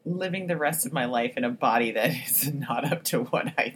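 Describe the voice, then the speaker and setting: A woman's voice: a bass voice, normal speed, hardly any pauses, breathy edge. A young woman giving casual, offhand reaction commentary on a TV episode, laughing often between short remarks.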